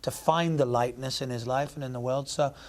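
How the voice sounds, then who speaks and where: A man's voice: medium pitch, fairly even intonation, a little fast. An English man talking about his acting work in an interview, thoughtful and often searching for his words. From England. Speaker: actor guest. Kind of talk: reflective interview answers.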